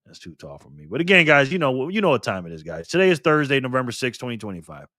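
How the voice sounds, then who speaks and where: A man's voice: mid-range voice, big pitch swings, quick pace, bright, forceful tone, no echo, clean studio sound. A man hosting a casual live stream, reading the chat aloud and talking back to viewers in an upbeat, chatty way. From Nevada.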